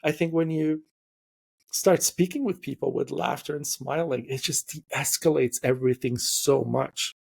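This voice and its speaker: A man hosts a casual interview podcast, spinning stories in an easygoing, filler-heavy way. His voice carries a rough, gravelly edge with a husky breath to it. He sits a bit higher than most men. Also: a little slow. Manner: storytelling, animated, many fillers. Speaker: podcast host.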